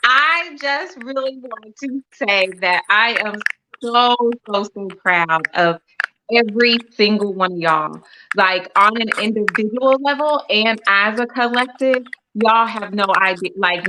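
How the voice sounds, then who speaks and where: A woman's voice: medium pitch, background noise. A woman guest artist speaking on a video call, effusive and emotional, repeating words for emphasis. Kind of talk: casual panel chat.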